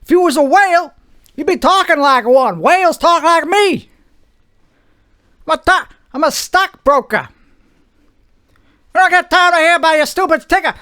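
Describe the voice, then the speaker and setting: A man voicing an impatient, fast-talking male Wall Street stockbroker with a put-on New York accent. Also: extremely high pitch, sharp tone, pitched above the performer's own voice. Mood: scornful. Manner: rapid, pushy, barking.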